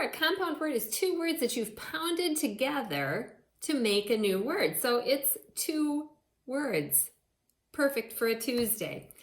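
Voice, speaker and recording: A woman teaching a phonics lesson to young children, sounding out words in a slow, sing-song way. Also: on the high side. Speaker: elementary school teacher. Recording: echoey room.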